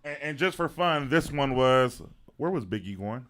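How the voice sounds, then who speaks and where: Animated man reading trivia questions. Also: medium pitch, moderate pace, faint music behind. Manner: animated, counts down, announces answers. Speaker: quiz host.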